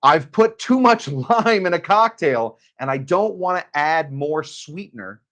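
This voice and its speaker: Man doing a frantic friend voice, pleading, anxious, higher and slower. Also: expressive, fairly bright tone. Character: frantic grown man phoning late at night for advice.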